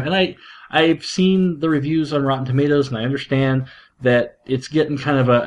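A man hosting a podcast, talking casually and excitedly, often laughing and restarting his sentences. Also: mid-range voice, a little fast. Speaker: podcast host, father. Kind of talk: casual monologue.

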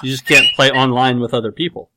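A man's voice: mid-range voice, fairly even intonation, fast talker, heavy background noise. Rambling man with dry sarcasm. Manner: rambling, full of "like" and "you know". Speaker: podcast host reading listener questions. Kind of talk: casual chat.

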